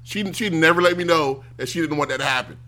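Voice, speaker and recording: Bright-voiced man ranting animatedly. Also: fairly high pitch, fast. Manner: animated, mocks others in loud exaggerated voices. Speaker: streamer. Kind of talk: casual ranting commentary.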